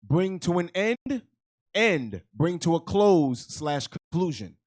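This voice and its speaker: Man, high lively voice, reads slowly word by word, scripture reader.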